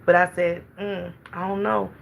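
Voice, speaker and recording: A woman's voice: lowish voice, level tone, moderate pace, vocal fry, a little hiss or hum. A middle-aged woman, chatting casually on a livestream and greeting her viewers by name.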